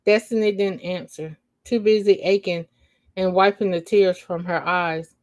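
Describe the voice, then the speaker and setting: Slow-reading woman telling a story live. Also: fairly low pitch, fairly even intonation, darkish tone. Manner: slow reading broken by laughing asides to chat; uses slang, says y'all. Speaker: storyteller reading her novel on a livestream.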